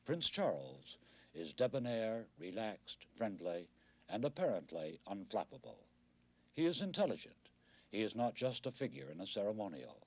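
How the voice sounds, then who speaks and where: A middle-aged man narrating a television news report in a measured, wry documentary style. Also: on the low side, big pitch swings.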